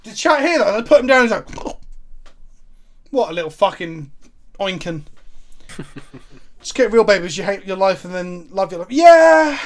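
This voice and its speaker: Here a man with a fairly high voice talks a little fast as he streams a card game. It's casual chatter, animated and full of jokes, and he swears freely throughout.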